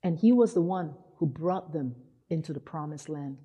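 Woman, sermon, husky voice, lively storytelling, long hall reverb. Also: low-pitched, normal speed, dull audio. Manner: animated storytelling, acting out quotes. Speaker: preacher.

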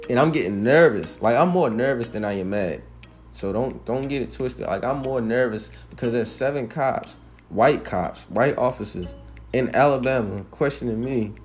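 A man's voice: lowish voice, darkish tone. A 21-year-old man podcasting alone, telling a story in an emphatic, heated way with plenty of swearing. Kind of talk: casual monologue.

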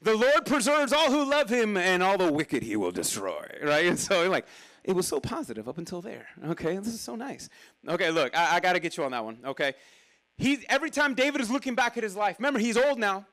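A man with a notably high voice delivers a lively, conversational sermon. He moves between energetic lines and sudden quiet asides, talking straight to the congregation as their pastor. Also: brisk.

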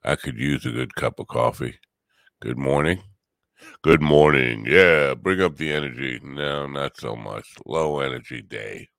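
A man's voice: very deep voice, normal speed, creaky, a bit bright, dry recording. A middle-aged man hosting a solo morning chat show, rambling with wry, teasing humor. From US Northeast. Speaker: podcast host.

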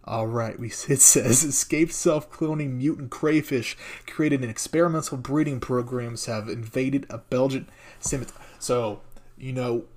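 A man in his own voice at a middle pitch, riffing on odd stories in a loose comedic commentary. He reads posts aloud, then rambles through sarcastic asides, often breaking into laughter. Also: unhurried, darkish tone. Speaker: podcast host reading news.

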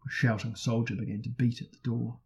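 A man reading a fantasy audiobook in a steady, dramatic narration. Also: mid-range voice, a little fast, creaky, poor audio.

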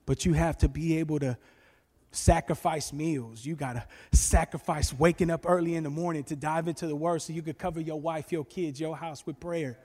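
Lively male preacher, storytelling sermon, high-ish voice in a reverberant room. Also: moderate pace. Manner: animated storytelling, bursts of shouting. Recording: long reverb with faint music.

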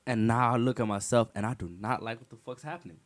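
A young man in casual conversation, animated and slangy, swearing freely. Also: medium pitch, fast. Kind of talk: casual chat.

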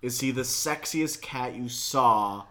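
A man's voice: slow, sharp tone. A man co-hosting a casual chat, teasing and playful as he asks questions. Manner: teasing, playful questioner with wide swings in pitch.

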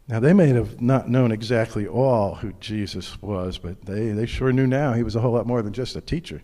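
A male pastor preaching a sermon in an earnest, personal way, dropping his voice low when he speaks of his own struggles. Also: moderate pace, hardly any pauses, mellow, in a large hall.

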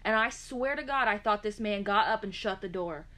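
A woman in her twenties telling a story in casual chat, animated, swearing freely and acting out what people said. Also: mid-range voice, normal speed.

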